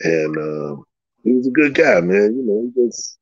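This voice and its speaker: A man's voice: fairly low pitch, big pitch swings, normal speed, gravelly, darkish tone, no room sound. A man telling old stories in a casual, profane way, laughing often and acting out the dialogue. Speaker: guest recounting old stories. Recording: slightly dull lo-fi sound.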